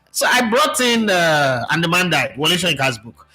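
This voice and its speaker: A middle-aged Nigerian man hosting a talk show, telling stories in a lively, animated way and slipping into pidgin. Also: fairly high pitch, normal speed, few pauses, poor audio. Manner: animated, switches into pidgin, many restarts. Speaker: host. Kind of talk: casual storytelling monologue.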